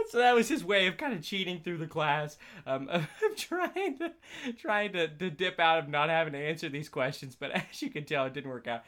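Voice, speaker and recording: Lively giggly young man telling a story. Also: on the high side. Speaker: college student vlogger. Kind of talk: casual storytelling.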